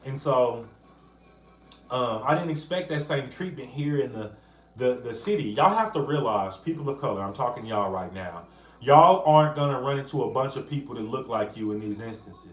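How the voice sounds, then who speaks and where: A man's voice: mid-range voice, normal speed. Man livestreaming in an echoey room. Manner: animated, greets viewers by name mid-sentence. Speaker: livestream host. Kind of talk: casual livestream talk.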